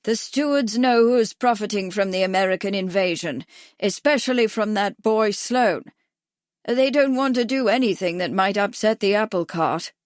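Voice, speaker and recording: A woman reading voices a deaf, gruff elderly male doctor who talks loudly and sharply. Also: a little high, unhurried, dry recording, clean studio sound, natural voice. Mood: gossiping. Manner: loud, sharp, scolding.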